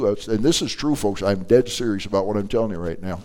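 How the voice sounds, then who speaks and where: Older pastor with a smooth, resonant voice. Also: male voice, fairly low pitch, quick pace. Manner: animated storytelling, emphatic. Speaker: pastor teaching an adult Bible class. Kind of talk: sermon.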